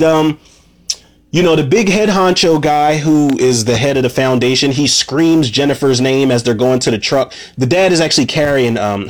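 A man casually recapping a movie scene by scene, rambling and swearing freely, with lots of "you know" and "man". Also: mid-range voice. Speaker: movie reviewer.

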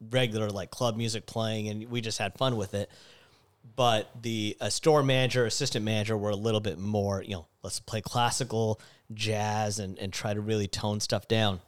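A young man casually telling a story about his time as a store clerk, animated and laughing, acting out the quotes loudly. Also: on the low side.

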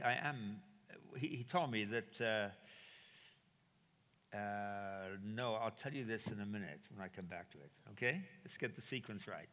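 Bright-voiced man preaching in a reverberant hall. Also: mid-range voice. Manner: animated storytelling, acts out quoted dialogue. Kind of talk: sermon storytelling.

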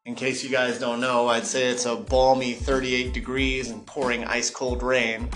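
A man's voice: medium pitch, moderate pace, soft background music. A man co-hosting a podcast, telling a long workplace story in casual chat and often acting out the people in it. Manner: animated storyteller who mimics customers in raised voices. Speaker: podcast co-host.

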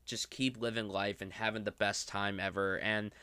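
A man's voice: on the low side, flat delivery, normal speed, bright, forceful tone, clear, resonant tone, no echo. A young man hosting a film podcast, chatting casually and gushing with enthusiasm about movies he loves. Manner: gushing, enthusiastic, lots of "I love". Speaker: podcast host.

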